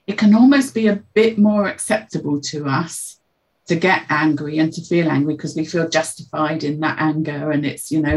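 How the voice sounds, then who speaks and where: Calm, explaining woman. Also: sits low, low-quality recording. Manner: calm, explanatory, acts out example phrases. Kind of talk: reflective podcast conversation.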